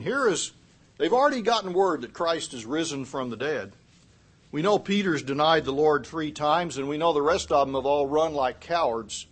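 A middle-aged male pastor preaching a sermon, swinging from loud, emphatic lines to quiet asides and acting out quotes. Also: fairly high pitch, breathy edge.

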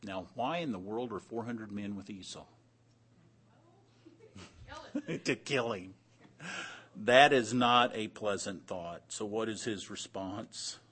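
Slow low-voiced man teaching Bible class. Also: fairly bright tone, husky. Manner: asks the class questions and repeats their answers.

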